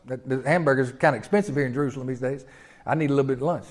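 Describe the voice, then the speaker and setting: A man voicing a crippled beggar asking for a little money, talking in a quick pleading way. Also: mid-range voice, voice pushed down, lightly acted.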